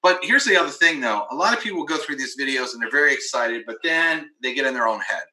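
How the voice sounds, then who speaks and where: A man giving an energetic marketing pitch in a webinar, emphatic and acting out the doubts of his prospects. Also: fast. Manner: emphatic, acts out quoted voices of prospects. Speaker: webinar presenter. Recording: roomy echo.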